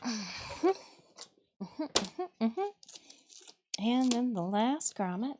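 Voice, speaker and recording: A woman from Michigan, USA, livestreams herself making a costume in an indoor craft workspace, bantering casually with viewers, muttering, and laughing often. Her slightly high voice is very animated yet extremely slow, and the background is noisy.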